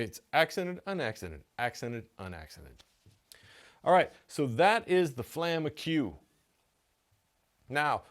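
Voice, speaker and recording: A man giving a casual drum lesson, talking in a relaxed way with many stammered restarts and small chuckles. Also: medium pitch. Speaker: drum teacher.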